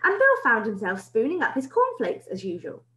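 Expressive woman reading a children's story. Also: on the high side, normal speed. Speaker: primary school teacher. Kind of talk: reading a children's book aloud. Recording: roomy echo.

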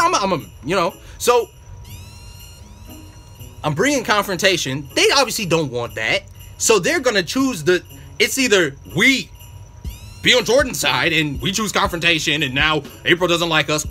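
A man with a high, bright voice rants about his job in a profane, exasperated way, heavy on slang. His pitch swings widely as he vents, and faint music plays underneath. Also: very animated, normal speed. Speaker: vlogger. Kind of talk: casual storytelling rant.

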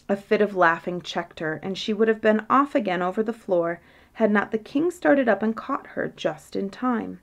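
A woman narrating a bedtime fairytale in a measured, gentle manner. Her voice is mid-pitched, and she keeps an even, unhurried storytelling pace. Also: creaky.

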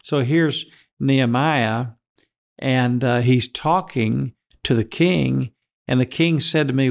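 A man's voice: medium pitch, slow, creaky. A man preaching a sermon who earnestly puts direct questions to his listeners.

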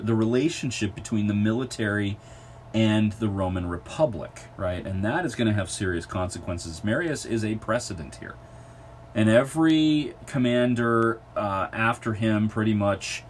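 Low-voiced man giving a rambling lecture. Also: slight background noise. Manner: unscripted, many ums and uhs, self-correcting. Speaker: history lecturer. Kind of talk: recorded college lecture.

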